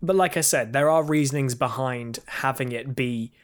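A man's voice: mid-range voice, normal speed. A man co-hosting a podcast, talking casually and rambling with many restarts. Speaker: podcast co-host.

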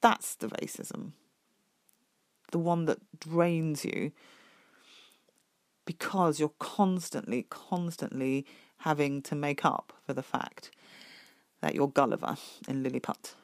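A middle-aged woman, telling her own story as a parent in an emphatic, animated way. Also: sits low, slow pace, long pauses, no echo. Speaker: parent sharing her experience. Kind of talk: personal podcast testimony.

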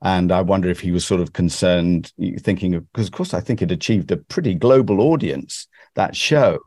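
A man's voice: deep voice, normal speed, warm tone, no room sound, studio quality. A man from Britain, a guest actor, chatting in an interview in a self-deprecating way with frequent restarts. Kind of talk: conversational interview.

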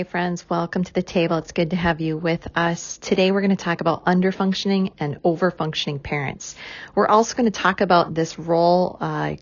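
A woman host introducing the show and the panel in a measured, welcoming way. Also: on the low side, no echo, dull audio. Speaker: podcast host.

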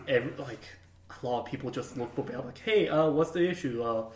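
A man's voice: mid-range voice, brisk, a little mellow, far from the mic. A man who works IT help desk tells work stories casually, swearing and laughing. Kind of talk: casual chat. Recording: echoey room, off-mic.

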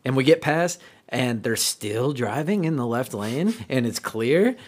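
A man's voice: mid-range voice, animated, unhurried, breathy edge. A man co-hosting a podcast, ranting emphatically in casual chat with some swearing. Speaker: podcast co-host.

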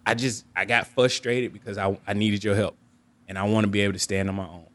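A young man with a low-pitched voice tells a personal story on his podcast in a candid, reflective way. He often repeats and restarts his words. He jumps up in pitch to act out his relatives. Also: fairly even intonation, fast talker, a bit bright. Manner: candid, reflective, acts out quoted family members with raised pitch. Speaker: podcast host.

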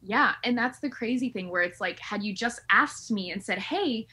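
Husky, emphatic woman. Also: mid-range voice, normal speed, sharp tone. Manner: emphatic, indignant storytelling. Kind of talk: casual chat.

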